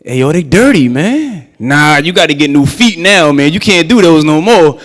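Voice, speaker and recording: A man doing loud, mocking schoolkids. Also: a little high, sing-song, normal speed, pitched above the performer's own voice. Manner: loud, teasing slang. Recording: echoey church hall.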